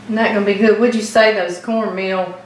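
A woman's voice: medium pitch, steady tone, a little fast, a little hiss or hum. A woman hosting a home cooking show, chatty and bubbly as she talks straight to her viewers. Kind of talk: casual cooking demo and taste test. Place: home kitchen. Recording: echoey kitchen, far from mic.

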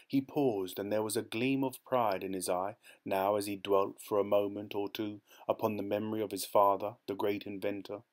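A man reading a short story aloud as an audiobook narrator, in a measured storytelling manner. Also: on the low side, steady tone. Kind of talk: scripted narration.

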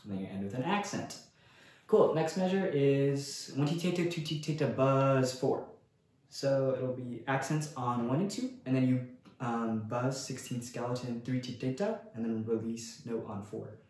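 A man giving a casual percussion lesson in a relaxed way, counting rhythms aloud and often saying "cool". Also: mid-range voice, moderate pace. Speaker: percussion instructor. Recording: very echoey room, faint noise.

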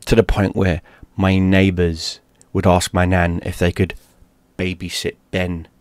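A man from London, a gaming streamer, telling a personal story in a lively, profane way. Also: low voice, measured pace, no room sound. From London, England. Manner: animated, profane, acts out shouted quotes.

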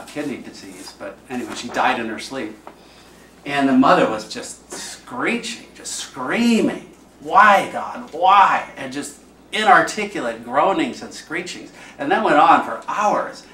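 A man's voice: medium pitch, a bit bright. Man, priest teaching, conversational, acts out quotes, distant mic, roomy hall. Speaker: priest leading a class. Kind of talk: informal teaching talk. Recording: echoey room, distant mic, faint noise.

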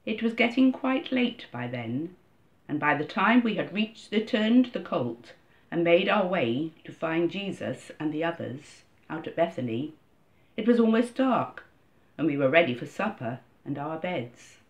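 A woman's voice: sits low, very animated. Woman reading a church reflection. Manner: measured, storytelling delivery. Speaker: church reader. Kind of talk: scripted first-person reflection reading. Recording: dull lo-fi recording.

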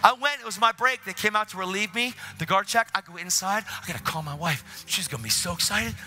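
Animated, bright-voiced male preacher. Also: high-pitched, fairly quick, background noise. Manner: acts out both sides of dialogues, bursts into excited shouts. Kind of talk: energetic sermon storytelling. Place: church.

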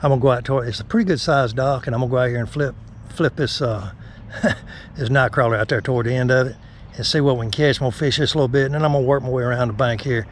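A man hosting a fishing vlog outdoors by a lake, talking softly and folksy to his viewers. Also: mid-range voice, quick pace, slight background noise. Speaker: fishing channel host. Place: outdoors on the bank of a small neighborhood lake.

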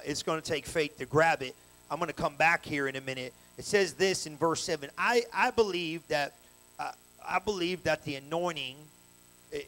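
A man preaches at a church service, his voice sitting notably high for a man. He tells stories in loose, slangy talk and builds to loud, energetic bursts. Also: low-quality recording. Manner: colloquial, story-telling preaching with slang. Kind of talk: sermon.

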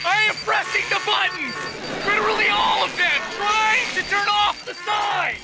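An actor playing a panicked, goofy grown man who shouts frantically in a sitcom. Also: very high-pitched, fairly even intonation, normal speed, a crowd in the background, poor audio. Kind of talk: sitcom acting. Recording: loud music and studio audience laughter.

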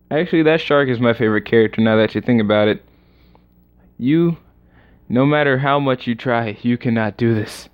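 Young man, gaming livestream commentary, excitable, rambling, smooth voice, slightly muffled lo-fi sound. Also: mid-range voice. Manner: excitable, rambling, reacts aloud to the game. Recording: slightly dull lo-fi recording.

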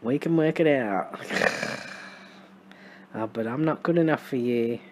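Australian accent, tarot reader, chatty, musing, wry asides, mid pitch. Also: animated, takes it slowly, background noise. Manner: thinks aloud with frequent restarts and fillers. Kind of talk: casual tarot reading to camera.

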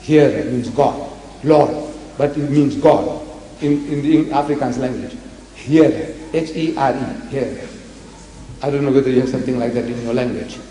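An older man from South Africa giving a religious debate lecture, animated, often acting out the dialogue he quotes. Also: medium pitch, normal speed. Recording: echoey hall with faint noise.

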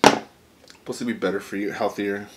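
A man hosting a mukbang, chatting excitedly to viewers while eating. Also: on the low side, moderate pace, noisy background. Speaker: mukbang host. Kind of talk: casual eating vlog.

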